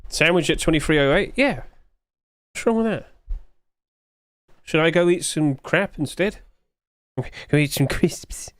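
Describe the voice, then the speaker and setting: A man's voice: a little high, normal speed, fairly bright tone, no echo, studio quality. A British man from the UK, streaming from home and chatting casually and jokily with his viewers. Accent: British English. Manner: chatty, jokey, talks to his chat while eating.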